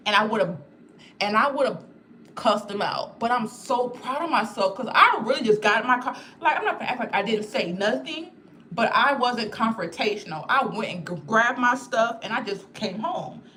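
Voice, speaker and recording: A young woman, chatting candidly and animatedly with her viewers. Her pitch swings widely as she tells her stories. Faint noise sits behind her voice. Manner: candid, lively storytelling with frequent "like" and "y'all". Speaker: spiritual content creator. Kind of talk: casual livestream chat.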